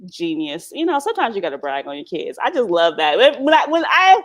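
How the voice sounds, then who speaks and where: A woman's voice: mid-range voice, sing-song, fairly quick. A middle-aged woman chats on a live stream through a phone or webcam mic. Her voice swoops up and down as she laughs often and speaks bluntly. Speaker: vlogger hosting a live stream. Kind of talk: casual live-stream chat.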